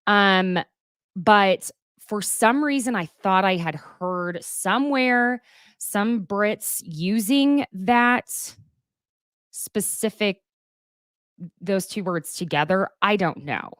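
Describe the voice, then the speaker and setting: A woman's voice: medium pitch, animated, slow pace, fairly bright tone, no echo, clean studio sound. A young woman hosting a casual live-streamed gossip show, chatty and rambling, often laughing.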